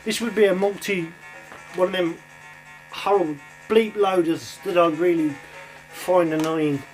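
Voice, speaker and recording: Chatty high-voiced man reviewing games. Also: fairly even intonation, measured pace, soft background music. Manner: chatty, rambling, lots of ums and uhs. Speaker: retro game reviewer. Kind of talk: casual gameplay commentary.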